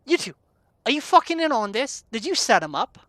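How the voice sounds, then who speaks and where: A man voicing an angry, foul-mouthed male bartender who shouts and scolds in a tabletop game. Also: high voice, lively intonation, unhurried. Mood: suspicious.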